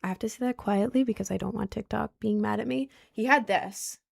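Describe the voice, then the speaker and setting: A woman's voice: mid-range voice, a little fast, vocal fry, slightly rough. Young woman doing a storytime, rambly, says like a lot, keeps saying sorry. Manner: rambling, heavy on "like", apologetic asides. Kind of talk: casual storytime.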